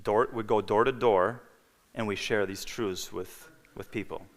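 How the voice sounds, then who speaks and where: A man with a low voice gives a personal testimony at a church event. He tells it like a storyteller, acting out the other voices and checking in with the congregation. His words ring out with the long reverb of a church hall on a livestream. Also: fairly even intonation, measured pace. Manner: storytelling, acting out dialogue, frequent "okay?" and "you know". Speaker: guest speaker.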